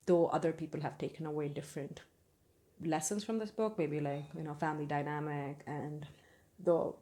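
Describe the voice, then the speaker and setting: A woman's voice: sits low, fairly even intonation, normal speed, mellow. A young woman giving a casual, candid book review, opinionated and full of fillers and restarts.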